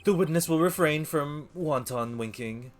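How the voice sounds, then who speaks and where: A stern, easily flustered old judge, as a man puts him on over faint music behind. His rulings come slow and drawn out, pitched a little above the performer's usual voice. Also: natural voice.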